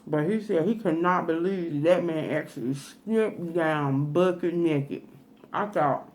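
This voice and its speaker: A woman's voice: low voice, takes it slowly, a little mellow. Chatty woman telling a story while eating. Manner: chatty, folksy, with laughing asides. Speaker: food vlogger.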